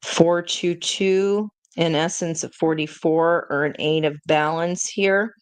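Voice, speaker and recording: A woman's voice: sits low, steady tone, takes it slowly, clear, resonant tone, no room sound. A woman hosting a live tarot reading, chatting directly with her viewers. She often breaks off mid-thought and restarts with fillers. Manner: chatty, talks straight to viewers; self-interrupting, many fillers and restarts. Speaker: tarot reader.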